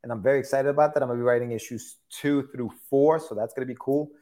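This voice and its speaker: A man's voice: mid-range voice, fairly even intonation, quick pace, mellow. A man co-hosting a podcast, talking in a laid-back, joking way. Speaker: podcast co-host. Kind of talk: casual chat.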